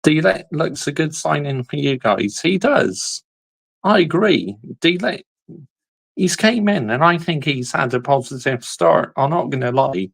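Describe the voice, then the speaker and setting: Male football host: gravelly voice, dry close sound, animated commentary. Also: fairly high pitch, measured pace, dry recording, rough recording. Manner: animated, exclaiming, laughs often. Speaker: YouTube football channel host. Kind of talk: casual reaction commentary.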